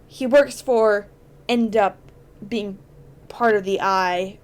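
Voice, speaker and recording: A woman hosting a podcast, chatting casually and explaining at length with enthusiasm and plenty of fillers. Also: on the high side. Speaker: podcast host.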